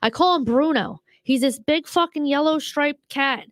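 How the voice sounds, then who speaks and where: Podcast co-host, woman, higher voice, cursing storyteller, dry close sound. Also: moderate pace, dry recording. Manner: profane, animated storytelling. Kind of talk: casual chat.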